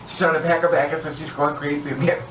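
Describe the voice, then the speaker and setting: Man, storytime narrator, rambling casual telling, slightly high voice, far from the mic in an echoey room, dull sound with faint background hum. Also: level tone, fast. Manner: rambling, filler-heavy retelling with acted quotes. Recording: roomy, distant, dull, faint ambience.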